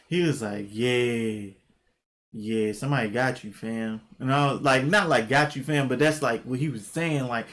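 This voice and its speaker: A young man telling a casual storytime story, animated and profane, jumping into quoted exclamations. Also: medium pitch. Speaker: vlogger.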